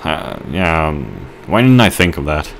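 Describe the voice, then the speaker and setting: A man giving rambling let's play commentary, telling a halting story with mock outrage while he plays. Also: a bass voice, very animated, creaky, slight background noise. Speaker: gamer.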